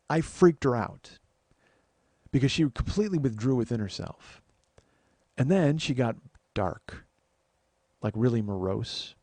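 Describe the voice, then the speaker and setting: Brief: gravelly comedian, rambling storyteller, dry close sound. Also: male voice, mid-range voice, dark tone, dry recording. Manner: rambling, conversational, many fillers. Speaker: comedian podcast host. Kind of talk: storytelling monologue.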